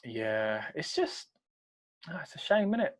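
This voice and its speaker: A man's voice: mid-range voice, sing-song, a little slow. A man co-hosting a casual wrestling reaction chat, rambling and trailing off mid-sentence. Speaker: co-host.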